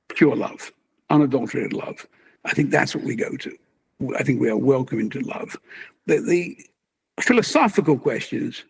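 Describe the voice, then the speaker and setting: An older man, a magazine publisher and interview guest, musing in an animated, conversational way and chuckling as he talks. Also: medium pitch, vocal fry, slightly rough.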